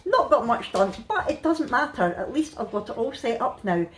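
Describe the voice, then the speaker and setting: A woman's voice: a little high, normal speed, slight background noise. Tired, chatty Scottish woman vlogging from bed. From Scotland. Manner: chatty, laughs often, tired and relaxed. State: worn out. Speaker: family vlogger. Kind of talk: casual chatty vlog. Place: in bed at home.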